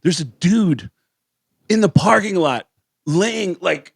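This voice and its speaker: A man, a comedian guest in a radio studio, telling stories with lively character voices and big pitch swings. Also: takes it slowly, vocal fry, slightly rough, dry recording. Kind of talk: animated storytelling. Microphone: studio mic.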